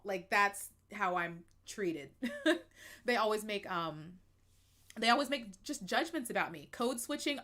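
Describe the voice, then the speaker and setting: A woman from the United States talks straight to her stream audience. She is frank and expressive, her talk loose with um and like, and laughter breaks in often. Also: mid-range voice. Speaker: livestream host. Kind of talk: candid personal chat to viewers.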